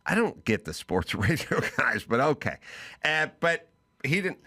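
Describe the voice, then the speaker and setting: A man hosting a podcast, telling a comic story and acting out both sides of a phone conversation, his voice rising to excited shouts. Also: fairly high pitch, a little slow. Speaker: podcast host.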